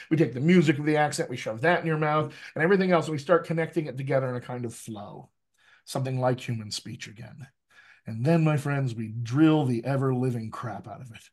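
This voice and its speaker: A man working as a dialect coach, teaching a workshop over a video call with an animated, emphatic manner. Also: medium pitch. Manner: animated, emphatic, repeats phrases for effect.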